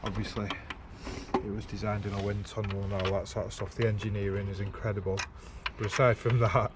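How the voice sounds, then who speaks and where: Sweary bloke outdoors. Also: male voice, fairly low pitch, flat delivery, a little fast, heavy background noise. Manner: blunt, sweary, jokey. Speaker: car vlogger. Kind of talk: casual swearing chat to camera. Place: outdoors beside a car at a roadside. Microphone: handheld camera on gimbal.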